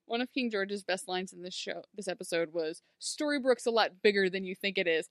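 A woman in casual chat, recapping a TV episode with sarcastic, animated commentary and plenty of filler words. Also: medium pitch, a little fast, dry recording, studio quality. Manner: animated, sarcastic, lots of "like" fillers, acts out quotes. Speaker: podcast co-host recapping a TV episode.

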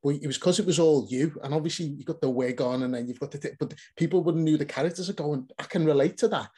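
A man's voice: fairly high pitch, quick pace, mellow, husky. A man hosting an interview in casual chat, eager and encouraging toward his guest. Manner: eager, encouraging, frequent agreement. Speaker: host.

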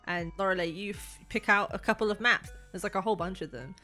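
A woman's voice: medium pitch, fast talker, bright, forceful tone, faint music behind. A woman narrating a tabletop game as game master, describing scenes in a loose way full of "like"s.

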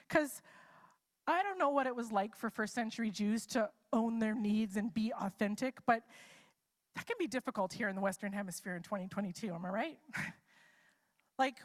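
A woman preacher giving a live sermon in a casual, chatty way, posing many rhetorical what-if questions. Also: on the high side.

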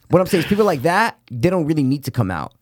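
A man's voice: on the high side, sing-song, fast talker, darkish tone, breathy edge, dry recording. A man co-hosting a podcast, chatting casually and insistently, swearing and repeating himself to make his point. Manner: emphatic, profane, repeats "what I'm saying". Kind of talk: casual chat.

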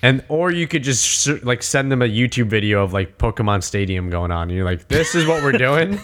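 Low-voiced, excitable, swearing man. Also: fairly quick. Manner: excitable, swears freely, acts out imagined dialogue. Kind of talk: casual chat.

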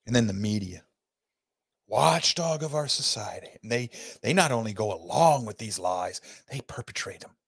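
A middle-aged man hosting an opinion talk show, folksy, preachy and emphatic, with big swings in pitch. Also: lively intonation, moderate pace, slightly rough. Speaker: host.

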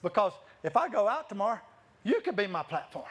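Guy preaching, high voice that jumps all over, rambly storytelling w restarts. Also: a little fast, slightly rough. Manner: animated, rambling, frequent restarts and laughter. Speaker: guest preacher. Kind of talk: lively sermon storytelling.

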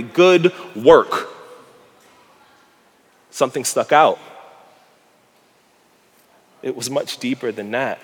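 Male preacher, casual slangy sermon, animated, laughs a lot, mid pitch, long hall reverb.

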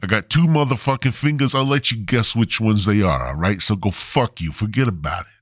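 A man's voice: lowish voice, a little fast, no echo, clean studio sound, close to an everyday voice. A man voicing a tough-talking middle-aged male mobster who makes profane, streetwise threats. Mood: menacing.

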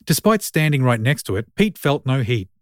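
A man's voice: medium pitch, big pitch swings, normal speed, no room sound. Man narrating a wry story, dry sound.

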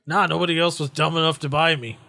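Casting a rough-talking magic bag, crude and greedy, played by a man, slightly raised voice. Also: a little high, steady tone, fast talker, bright, forceful tone, voice pushed up. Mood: grumbling. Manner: rough, slangy, laid-back.

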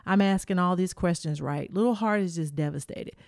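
Woman, middle-aged, storytelling host, animated, acts out quotes, dry close sound. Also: fairly low pitch, brisk, no echo. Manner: animated, acts out quotes, addresses listeners as y'all. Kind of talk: personal storytelling monologue.

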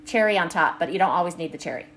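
A woman's voice: lowish voice, lively intonation, very fast, fairly bright tone. A middle-aged woman, a life coach co-hosting a podcast with her daughter, talking in an earnest, enthusiastic way, full of "like". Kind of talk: casual podcast chat.

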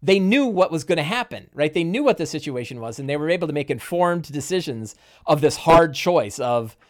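A man's voice: on the high side, lively intonation, brisk. A man hosting a casual podcast conversation, telling game stories animatedly with many restarts. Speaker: podcast host and game master.

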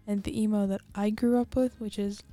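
A woman's voice: medium pitch, little pitch movement, a little fast, mellow. Blunt young woman, faint music behind. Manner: blunt, opinionated. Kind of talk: casual chat.

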